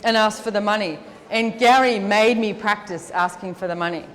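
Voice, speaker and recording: A woman speaking as the featured speaker at a live seminar, answering audience questions in a chatty, lively way full of "like"s. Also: mid-range voice, normal speed. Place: large event hall with an audience. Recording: long reverb of a large hall.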